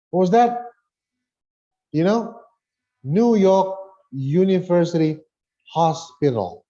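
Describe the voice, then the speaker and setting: A man gives an online English lesson, reading dialogue lines slowly and explaining pronunciation with chatty asides. His voice sits a little high and swings widely in pitch, with a mellow, soft tone. The sound is muffled and lo-fi, like online class audio. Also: expressive. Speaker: English teacher.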